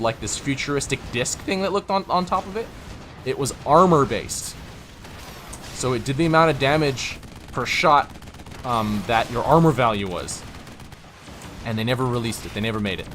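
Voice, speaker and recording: A man casually commentates a strategy game on a live stream, rambling, cutting himself off and chuckling often while game gunfire sounds behind him. His voice is medium-pitched with a fairly bright tone, and there's slight background noise.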